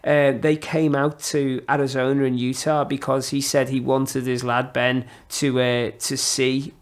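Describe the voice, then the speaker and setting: A middle-aged man, a podcast guest, telling rambling, animated anecdotes in casual chat, full of fillers. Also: medium pitch, measured pace.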